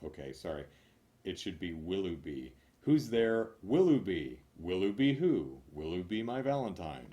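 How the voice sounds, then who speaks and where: A man reading knock-knock jokes one after another, loud on the punchlines and mumbling his asides. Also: low voice, very animated, moderate pace. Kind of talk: rapid-fire joke reading.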